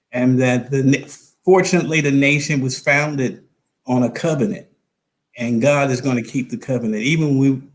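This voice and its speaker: A man, a pastor guest on a talk show, speaking with fervent preaching cadence. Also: medium pitch. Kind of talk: preaching-style casual talk.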